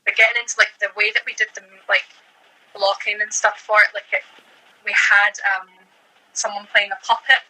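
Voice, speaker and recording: A young Scottish actress chatting casually as an interview guest, full of "like" and "um". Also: female voice, medium pitch, level tone, normal speed, sharp tone, low-quality recording. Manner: chatty, fills with "like" and "um".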